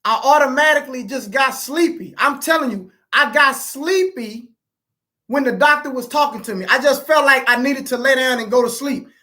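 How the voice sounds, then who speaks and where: Brief: bereaved woman testifying on a live stream, halting and repetitive, a fairly high voice. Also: bright, forceful tone. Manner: halting, repeats herself, addresses listeners as family. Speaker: grieving parent hosting a live stream.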